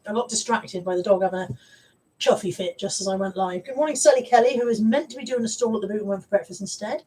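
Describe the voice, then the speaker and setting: A woman's voice: mid-range voice, fast talker, darkish tone, breathy edge, distant mic, rough recording. A woman hosting a casual live stream, chatty and rambling as she greets viewers. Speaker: live-stream host and reseller.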